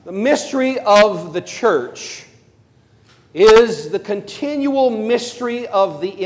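A priest preaching at a conference, emphatic and telling stories with playful asides. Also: male voice, sits high. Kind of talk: conference sermon. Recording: long hall reverb.

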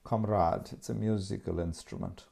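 A composed, audacious young man talks smoothly through a bluff, as a man reading aloud puts him on. His low voice carries a gravelly edge and stays casual throughout. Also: fairly even intonation, moderate pace, dark tone, heavily acted.

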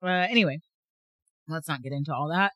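A woman co-hosting a podcast in casual chat, talkative and quick to laugh, with lots of fillers. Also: low voice, a bit bright, no room sound. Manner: chatty, laughs often, many fillers. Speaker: podcast co-host.

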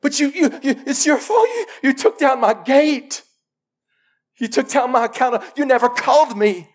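A man's voice: very high-pitched, expressive, moderate pace, pitched above the performer's own voice. A man putting on a whiny blaming pig. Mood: accusing. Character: sulking pig blaming its keeper.

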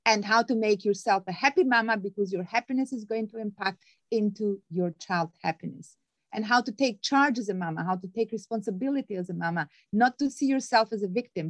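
Emphatic motivational woman, dry sound. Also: no echo. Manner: acts out quoted voices with big pitch jumps. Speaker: guest author. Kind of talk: conversational interview.

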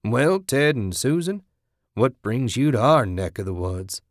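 A man's voice: mid-range voice, very animated, measured pace, no room sound, studio quality, pitched above the performer's own voice. A man voicing a scruffy male squatter who grumbles, cackles and sneers. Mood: mocking. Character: gruff scruffy male squatter, mocking and territorial.

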